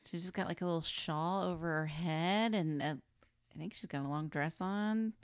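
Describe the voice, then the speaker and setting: A woman co-hosting a podcast in casual movie recap chat, chiming in with quick reactions and laughs. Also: lowish voice, smooth, no echo, studio quality. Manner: chimes in with quick reactions and laughs, sometimes quoting characters. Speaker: podcast co-host.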